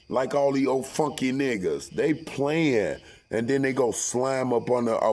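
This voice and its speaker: A man's voice: medium pitch, darkish tone, poor audio. Rambling, profane man preaching to camera. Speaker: vlogger. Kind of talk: casual profane monologue.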